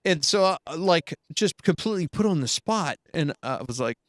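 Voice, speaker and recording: A man's voice: fairly high pitch, animated, normal speed, no room sound, studio quality. A man who works as a voice actor, chatting casually and telling stories with lots of restarts. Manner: rambling storyteller, many restarts, slips into voices. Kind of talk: casual chat.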